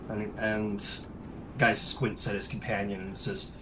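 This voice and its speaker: Low-voiced relaxed male game master. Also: a little slow, slight background noise, low-quality recording. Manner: relaxed, many fillers and hedges. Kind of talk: narrating a tabletop game.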